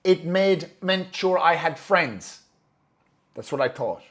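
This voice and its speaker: A man's voice: on the high side, lively intonation, slow. A man telling a personal story in a candid, profane and emotional way, acting out his own thoughts as he goes.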